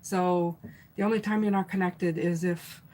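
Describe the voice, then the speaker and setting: A middle-aged woman reads tarot on a live stream, chatting loosely and reading viewer comments aloud with fillers and restarts. Her voice sits fairly low, slightly mellow, with fairly even intonation at a normal speed. The audio is poor, with slight background noise.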